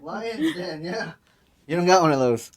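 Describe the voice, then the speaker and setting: Lively, playful young woman radio host. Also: lowish voice, a little slow, a crowd in the background. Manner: playful, hyped, teasing. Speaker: college sports radio host. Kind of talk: live campus radio banter. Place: campus radio studio.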